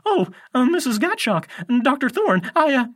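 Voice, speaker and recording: A man's voice: big pitch swings, normal speed, fairly bright tone, heavily acted. A man voicing a nervous young male satyr who stammers and sounds breathless. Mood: flustered. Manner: stammering, breathless, high and squeaky. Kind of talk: audiobook character voice.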